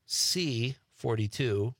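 A man's voice: medium pitch, expressive, very slow, a bit bright, breathy edge, dry recording, studio quality. A man hosting a radio show, joking and teasing his guest in casual banter.

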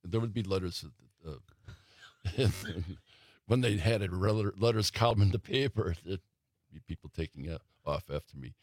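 An older man, a longtime theater critic, reminiscing slowly and haltingly in a casual talk-show chat. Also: sits low, no room sound.

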